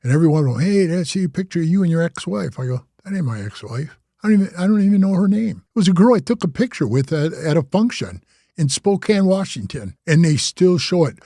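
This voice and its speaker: A man's voice: fairly high pitch, sing-song, fast, mellow, no echo, clean studio sound. An older man telling stories in a casual interview, loose and profane, slipping into voices when he retells what people said. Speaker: interview guest.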